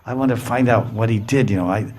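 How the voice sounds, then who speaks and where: A man voicing an excited young cowherd woman who is eager to get back at a trickster. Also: mid-range voice, fast, natural voice.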